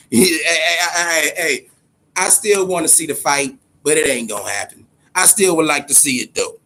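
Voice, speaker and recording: A man hosting casual, profane boxing commentary, animated and repeating himself as he talks to his audience. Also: a little high, moderate pace.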